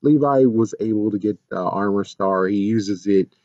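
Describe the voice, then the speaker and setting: A man's voice: lowish voice, normal speed, darkish tone, dry recording, highs cut off. A man recapping and reviewing a show episode in a casual, rambling way, sarcastic and exasperated, with mild swearing.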